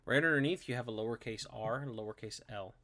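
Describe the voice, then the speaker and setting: A man in a mid-range voice teaching drum rhythms to students from home. He talks in an upbeat, chatty way, counts beats out loud and keeps checking in with "okay?". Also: mid-range voice, fast. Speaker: music teacher. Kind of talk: online drum lesson. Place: home, recording to camera.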